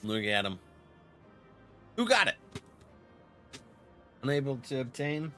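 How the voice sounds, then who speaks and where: Lively, chatty male game streamer. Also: slow, faint music behind. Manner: chatty, reads chat aloud, laughs often, lively swings in pitch. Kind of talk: casual live-stream chat with viewers.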